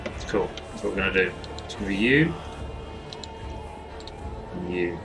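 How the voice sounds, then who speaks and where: A man's voice: low voice, expressive, moderate pace, music in the background. A man talking casually on a live stream, rambling and thinking aloud as he designs characters, laughing often.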